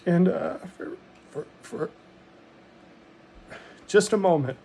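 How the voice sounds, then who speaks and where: A man's voice: high-pitched, slow pace, vocal fry, warm tone, slightly rough. Rambling, reflective man telling a story. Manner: rambling and reflective, with many "um"s and restarts. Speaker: channel host telling a personal story. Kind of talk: casual reflective monologue.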